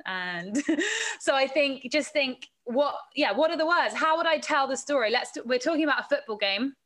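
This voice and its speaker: A woman's voice: high-pitched, animated, moderate pace, fairly bright tone. A woman presenter and reporter, a guest on a podcast, talking casually about her work, laughing often and acting out what others said. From England. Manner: chatty, laughs often, acts out quoted voices. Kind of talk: casual interview answers.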